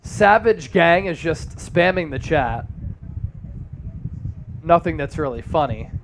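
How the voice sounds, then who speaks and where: A man's voice: on the high side, expressive, slow pace, a little hiss or hum. A man hosting a casual sports livestream, joking around and reading viewer comments aloud. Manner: loose, joking, reads chat aloud. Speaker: sports show host.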